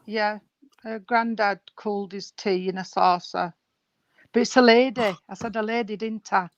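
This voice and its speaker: A woman's voice: mid-range voice, steady tone, moderate pace, dry recording, muffled recording. A woman working as a spiritualist medium, chatty and rambling, calling people sweetheart and darling as she gives a reading over a video call. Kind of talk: live mediumship reading at an online service.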